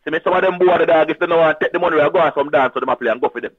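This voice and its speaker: A man with a Jamaican accent, boasting in lively patois as a sound system guest in casual radio chat. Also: fairly high pitch, racing. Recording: tinny phone-line audio.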